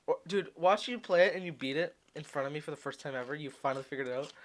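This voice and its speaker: A man's voice: fairly high pitch, fast. A young man co-hosting a casual podcast, joking, swearing freely and laughing often. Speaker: podcast co-host. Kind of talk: casual chat.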